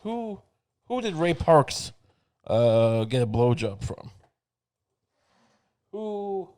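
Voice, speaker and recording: Male comic host, rambling and profane, slightly high-pitched. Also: sing-song, drawn-out words, a little mellow. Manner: rambling, meandering, profane, many fillers. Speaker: podcast host. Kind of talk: comedic monologue.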